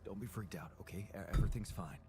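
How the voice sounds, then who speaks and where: An actor playing a patient man in a video game who calmly reassures and guides his newly made double in a measured, soothing way. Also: fairly low pitch, heavy background noise, close to an everyday voice. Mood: reassuring. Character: calm male creator, patient, reassuring guide.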